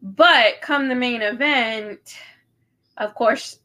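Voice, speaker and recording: A woman's voice: on the high side, extremely slow, pushed and bright. A woman in her thirties co-hosting a casual podcast, chatty, full of ums and casual swearing. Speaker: podcast co-host. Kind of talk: casual chat recap.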